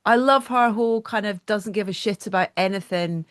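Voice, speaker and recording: A woman's voice: mid-range voice, moderate pace, dry recording, clean studio sound. Effusive woman hosting a podcast. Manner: effusive, trailing off mid-sentence. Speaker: podcast host. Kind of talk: casual interview chat. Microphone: video call.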